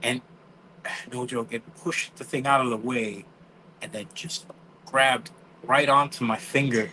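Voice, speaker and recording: A man's voice: medium pitch, steady tone, measured pace, sharp tone, slight background noise, poor audio. A man, telling stories in casual chat, acting out quotes and swearing freely. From New York. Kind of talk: casual storytelling.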